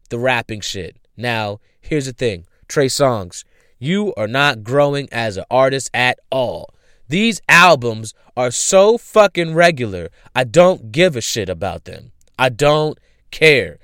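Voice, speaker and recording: A man's voice: mid-range voice, a bit bright, clear, resonant tone, no echo. A man hosting a podcast, ranting bluntly and profanely about music with repeated rhetorical questions. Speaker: podcast host.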